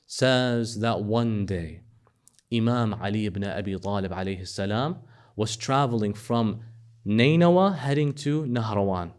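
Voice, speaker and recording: A man preaching a sermon at a mid-range pitch. He rises to loud, emphatic questions, then drops to a hushed, intimate tone for storytelling. The delivery is animated and lively. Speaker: speaker at a religious gathering.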